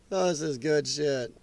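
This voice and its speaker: Slow, high-voiced laughing man. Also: dry recording. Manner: laughs often, slow and relaxed. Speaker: host reacting to clips. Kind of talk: casual reaction commentary.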